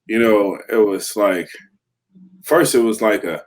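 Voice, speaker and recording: A former pro football player in his thirties, appearing as an interview guest, tells his story candidly. He speaks at a measured pace in a fairly low voice, animatedly acting out the voices in his story and laughing.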